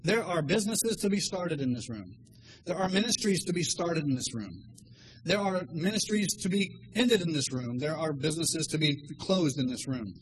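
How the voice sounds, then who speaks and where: A man in his thirties preaching a sermon, telling stories with animated energy and acting out voices. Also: a little high, normal speed, slightly rough, rough recording. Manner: animated storytelling, acts out voices. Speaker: lay preacher.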